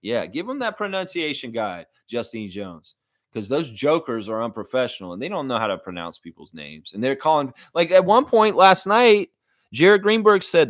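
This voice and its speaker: A man hosting a casual sports livestream, reading chat and breaking into animated, profane rants. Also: mid-range voice, normal speed, no echo, studio quality. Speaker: livestream host.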